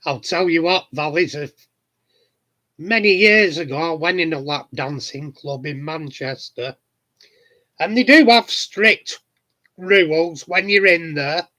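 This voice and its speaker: A middle-aged Yorkshire man with a fairly high, bright voice chats to his viewers in a slow, unhurried way. He tells cheeky, plain-spoken anecdotes in a casual manner. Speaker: hobbyist vlogger answering viewers. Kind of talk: casual chat. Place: home garden shed.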